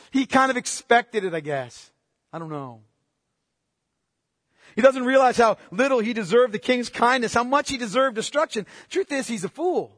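A man preaching a sermon with passion, firing rhetorical questions and swinging between loud outbursts and hushed asides. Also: extremely high pitch, dry recording, clean studio sound, in a large hall. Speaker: pastor.

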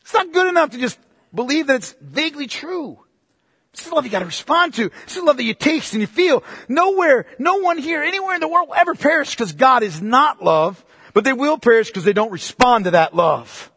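High-pitched, emphatic preacher man. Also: animated, husky, no echo, studio quality. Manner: emphatic, rising to forceful preaching, then dropping low and slow; addresses listeners as "beloved", asks pointed questions. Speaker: pastor. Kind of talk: sermon.

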